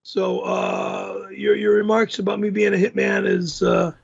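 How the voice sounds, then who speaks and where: A man's voice: sits high, monotone, a little slow, creaky, husky, lo-fi sound. A man hosting a live stream, reacting indignantly to viewer messages and stammering as he answers them. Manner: indignant, flustered, repeats and stammers. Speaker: livestream host.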